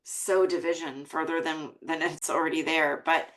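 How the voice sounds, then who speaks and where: Female podcast host, American, low-pitched, heartfelt and earnest delivery. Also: level tone, moderate pace, fairly bright tone, rough recording. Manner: earnest and emotional, reading quotes aloud.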